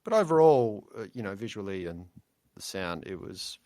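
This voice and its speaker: A man's voice: on the low side, big pitch swings, normal speed, mellow, dry recording, clean studio sound. A man co-hosting a podcast, raising points tentatively with many fillers. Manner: tentative, filler-heavy phrasing. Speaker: podcast co-host. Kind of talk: casual film discussion.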